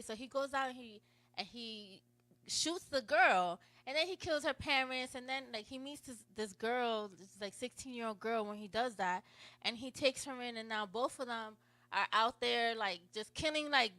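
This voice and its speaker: A woman hosting a live talk show, with a fairly high, bright voice. She rambles and restarts as she retells a story with animation. Her voice sounds dry and close, with little room around it. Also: unhurried, dry recording, low-quality recording.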